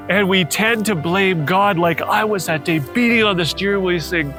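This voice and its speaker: A man's voice: high voice, lively intonation, moderate pace, hardly any pauses, bright, forceful tone. Emotional man preaching over faint music. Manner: emotional, acts out quoted voices, rises to pleading cries. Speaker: pastor. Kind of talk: sermon storytelling.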